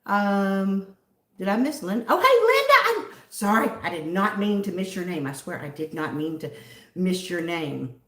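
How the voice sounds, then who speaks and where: A Southern American woman from the southern United States hosts a livestream, chatting casually and giggling as she greets viewers by name. Her voice sits on the low side at a normal speed, and the recording has a roomy sound.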